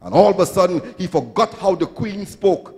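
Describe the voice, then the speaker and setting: A man's voice: high voice, moderate pace, a little mellow. A male pastor preaching a sermon in a church, with sing-song swells and acted-out quotes. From Trinidad and Tobago. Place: church sanctuary. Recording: reverberant church hall.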